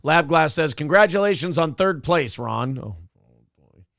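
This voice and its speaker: A man co-hosts a morning talk show, chatting loosely, cracking jokes, swearing, and reading viewer comments aloud. His voice is on the high side, animated, creaky and a bit bright, with an unhurried pace. The recording is dry with clean studio sound.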